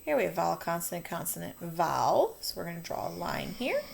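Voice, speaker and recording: A woman's voice: lowish voice, big pitch swings, fairly quick, gravelly, a little hiss or hum. A woman teacher talking students through a phonics coding lesson, patient and encouraging.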